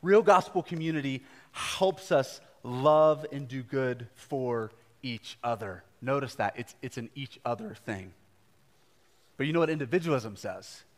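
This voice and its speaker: A man's voice: mid-range voice, measured pace. A young adult man preaching a live sermon to a congregation, conversational and earnest, with casual asides. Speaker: pastor. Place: church gathering before a congregation. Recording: live church recording with long hall reverb.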